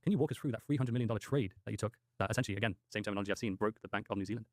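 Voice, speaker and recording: Low-voiced fast male interviewer. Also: dry recording, studio quality. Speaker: podcast interviewer. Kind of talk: interview questions.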